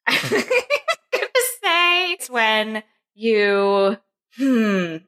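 Giggly, animated woman guest on a podcast. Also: mid-range voice. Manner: giggly, animated and quick to joke. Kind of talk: casual podcast chat.

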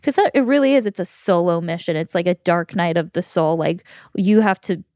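A woman's voice: on the low side, fairly quick, a little mellow, no room sound, studio quality. A woman in her thirties, a podcast guest, telling a long story candidly and acting out the dialogue, with lots of "like". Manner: long storytelling runs with quoted dialogue and frequent "like".

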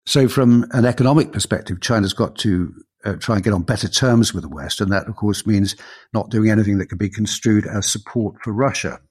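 A middle-aged British man co-hosting a history podcast, talking in a measured, reflective way with fillers as he tells a story. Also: lowish voice, darkish tone, husky. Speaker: podcast co-host. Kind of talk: conversational history podcast chat.

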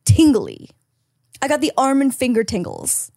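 A woman's voice: sits high, huge pitch swings, a little slow, creaky, darkish tone, no echo, clean studio sound. A woman co-hosting a podcast, chatting casually with lots of "like" and free swearing. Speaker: podcast co-host.

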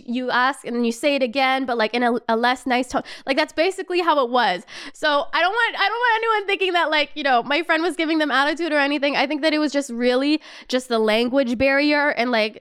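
A young woman hosting a podcast, telling a story in a lively, casual way, swearing and laughing often and saying "like" a lot. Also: high voice, fairly quick. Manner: animated, swearing, laughing, heavy use of "like". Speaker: podcast host.

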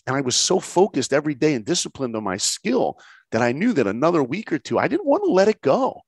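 A middle-aged man tells his story with wide swings in pitch and a gravelly edge. He slips into the voices of the people he quotes and laughs as he goes. The recording is dry and close. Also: quick pace, no echo. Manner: lively, acts out quoted voices, laughs often. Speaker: guest storyteller. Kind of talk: animated storytelling in conversation.

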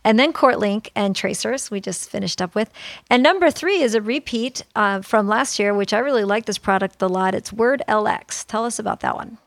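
A woman's voice: medium pitch, normal speed, vocal fry, no echo. A woman hosting a legal podcast, upbeat and chatty, laughing easily with her guest. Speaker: podcast host.

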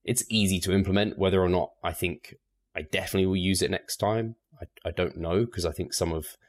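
A man, a guest on a podcast, talking in a relaxed, measured way with light laughs. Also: deep voice. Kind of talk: casual podcast interview.

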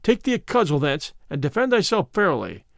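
A man's voice: a little high, huge pitch swings, a little fast, vocal fry, dry recording, studio quality, exaggerated voice. A man voicing a bold outlaw who speaks with mock courtesy and turns stern.

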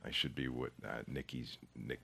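Very deep gravelly older man. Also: steady tone, moderate pace, pushed and bright, a little hiss or hum. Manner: rambling, searching for words, many restarts. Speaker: actor guest. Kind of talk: casual interview chat.

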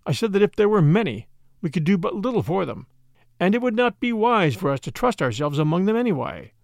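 Gravelly man with lively narration. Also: high voice, fairly quick, no room sound. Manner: expressive reading with shifting emphasis. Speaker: audiobook narrator. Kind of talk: scripted story narration.

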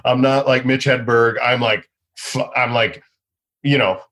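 A man's voice: mid-range voice, fairly even intonation, unhurried, background noise. A man who is a guest comedian on a podcast, talking about touring in an intense, emphatic way and swearing often. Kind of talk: casual chat.

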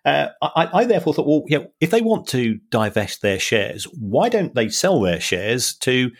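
A man co-hosting a podcast, analysing in a wry, halting way with many restarts. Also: mid-range voice, sing-song. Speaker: podcast co-host and finance analyst. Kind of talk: casual podcast chat.

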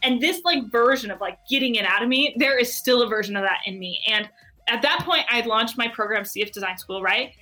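A woman guest telling a personal story in an animated, excitable way, peppering her speech with "like". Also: fairly high pitch, a little fast, faint music behind. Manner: excitable, heavy use of "like". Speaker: guest entrepreneur.

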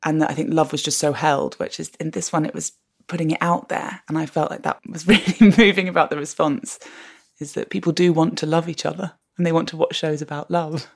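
Animated woman telling stories. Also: deep voice, a little fast, gravelly, husky. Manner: animated, expressive storyteller who laughs often. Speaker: podcast guest. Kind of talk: conversational interview.

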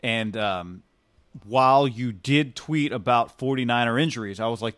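A man's voice: mid-range voice, moderate pace, a bit bright. A man co-hosting a casual sports talk show, teasing his partner and rambling in a wry way. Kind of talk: casual sports radio chat.

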